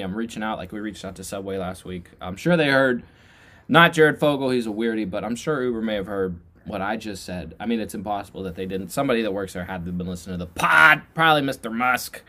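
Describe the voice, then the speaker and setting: A young man co-hosting a casual podcast, joking around and breaking into loud mock sponsor pitches. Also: expressive, fast. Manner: joking, loud bursts, jokey put-on ad pitches. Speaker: podcast co-host.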